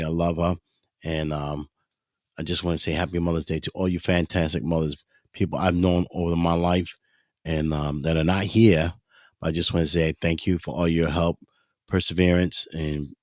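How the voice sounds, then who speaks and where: A man's voice: low voice, no echo, studio quality. A man hosting his own podcast, rambling casually and correcting himself as he talks to the listeners. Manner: rambling, self-correcting, addresses listeners as ladies and gentlemen. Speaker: podcast host. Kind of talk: casual solo podcast monologue.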